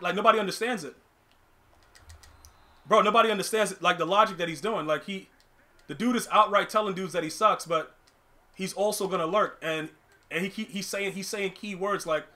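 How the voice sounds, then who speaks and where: A young man streaming a football video game, ranting about his opponent in a fast, slangy flow full of restarts. His voice sits high and sounds bright and forceful. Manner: animated, ranting, repeats and restarts words, slangy. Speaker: gaming streamer. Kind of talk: live gameplay commentary.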